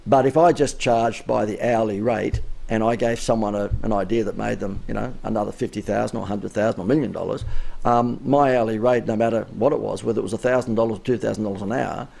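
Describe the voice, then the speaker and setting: A man's voice: lowish voice, fairly even intonation, fast talker, vocal fry, a little mellow. A man giving a chatty, emphatic live-streamed business coaching talk, his voice wearing out. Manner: chatty, emphatic, rising inflection.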